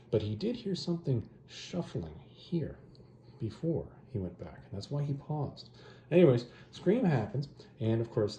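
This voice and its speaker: A man with a mellow, fairly low voice hosts a comic review channel, recapping a story casually and ramblingly with offhand asides. The recording has an echoey room and faint noise.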